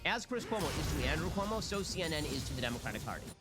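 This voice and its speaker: A man talks fast in a lively, sarcastic commentary voice, swinging his pitch up and down. Music plays clearly under him. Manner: sarcastic, mocking, rapid-fire delivery. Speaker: political commentary host. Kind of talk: opinionated political commentary.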